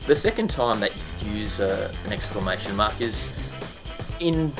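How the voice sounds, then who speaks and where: Male teacher, low gravelly voice, loose chatty delivery over faint music. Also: expressive, normal speed. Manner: chatty, many ums and restarts, bursts into sound effects. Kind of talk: casual explainer lesson.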